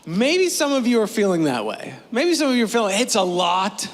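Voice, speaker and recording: Chatty high-voiced pastor. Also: male voice, very animated, a little fast. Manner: chatty, storytelling with playful voices. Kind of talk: casual sermon. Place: church. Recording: long reverb of a church hall.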